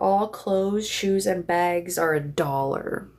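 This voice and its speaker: A woman's voice: fairly low pitch, takes it slowly, darkish tone. A young woman hosting a casual phone livestream from home, chatty and rambling, swearing freely. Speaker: livestream host. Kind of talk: casual live chat. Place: home, in bed.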